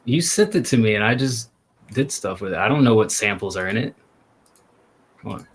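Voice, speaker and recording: A man hosting a music review stream, chatting casually and teasing his guest while stalling with repeated pauses. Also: lowish voice, animated, husky. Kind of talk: casual chat.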